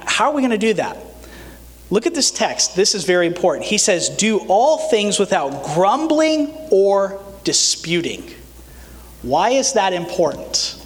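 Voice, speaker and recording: A man preaching a sermon as the pastor of a church, earnest and animated, with light humor. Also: sits high. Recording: long reverb of a church hall.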